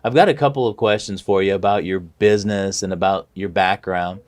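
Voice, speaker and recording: Man, lowish voice, company president, interviewer asking plain questions. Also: fairly quick. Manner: scripted introduction, then plain questions. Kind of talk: interview hosting.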